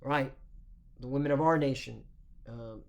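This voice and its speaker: A man of ordinary pitch reads scripture in a slow, formal cadence. He then shifts into a loose, conversational sermon. He keeps tagging his points with "okay?" and "all right?" as if checking in with his listeners. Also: vocal fry. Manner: peppers talk with "okay?" and "all right?" tags. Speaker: religious teacher. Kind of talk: scripture reading and informal sermon.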